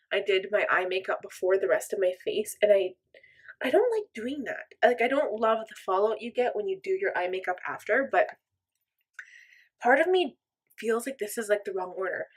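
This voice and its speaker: A young woman with a slightly rough, mid-range voice runs through a makeup tutorial as a vlogger. She sounds chatty and upbeat, often joking at her own expense.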